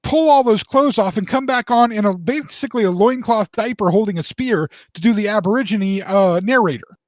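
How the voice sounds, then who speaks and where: A man in his forties, a podcast co-host, telling a rambling, animated story in casual chat. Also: high-pitched, brisk, dry recording, clean studio sound. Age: 40s.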